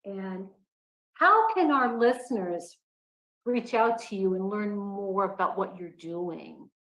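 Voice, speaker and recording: Slow-spoken woman podcast host. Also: mid-range voice, animated. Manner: warm encouraging affirmations. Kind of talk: interview. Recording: roomy echo.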